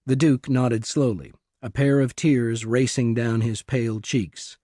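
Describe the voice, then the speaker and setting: A man reading an audiobook thriller in calm, measured scripted narration. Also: mid-range voice, dry recording, studio quality.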